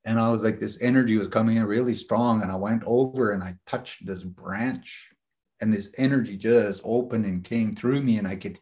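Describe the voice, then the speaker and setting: A man with a somewhat low voice teaches a small group in a loose, conversational way. He rambles earnestly, stumbling over restarts and leaning on filler phrases as he shares stories. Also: normal speed, a little mellow. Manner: rambling, earnest, frequent "you know" and restarts. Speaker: spiritual teacher leading a group session. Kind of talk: casual teaching talk with personal stories.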